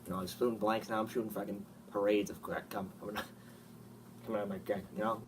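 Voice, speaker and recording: A man's voice: on the low side, little pitch movement, fast talker, a little hiss or hum. A man talking as an interviewed sports fan, crude and constantly swearing. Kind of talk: casual mock interview. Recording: distant mic with clear ambience.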